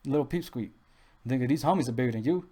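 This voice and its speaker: A man's voice: mid-range voice, quick pace, dark tone, slightly rough. A young man, telling rambling stories casually with lots of restarts and street slang. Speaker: podcast host. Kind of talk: casual storytelling.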